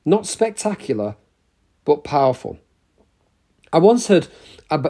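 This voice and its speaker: A man preaching a sermon in a church, measured and emphatic, with pauses between short phrases. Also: on the high side, warm tone.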